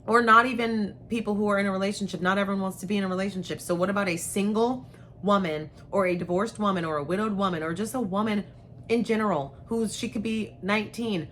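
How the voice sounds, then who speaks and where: A woman's voice: medium pitch, fast talker, a bit bright, slight background noise. A young adult woman hosting her own channel, talking frankly and chattily to camera with slangy asides. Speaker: host. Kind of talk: casual chat to camera.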